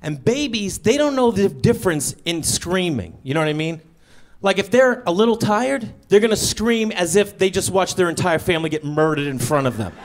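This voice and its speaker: High-voiced deadpan stand-up comic. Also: male voice, normal speed. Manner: deadpan, conversational storytelling with acted-out asides. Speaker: stand-up comedian. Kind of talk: stand-up comedy set. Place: comedy stage before a live audience.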